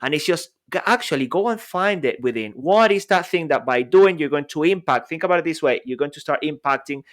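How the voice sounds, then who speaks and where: A man co-hosting a podcast in casual chat, lively and jokey, his voice jumping up and down. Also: a little high, a little fast. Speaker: podcast co-host.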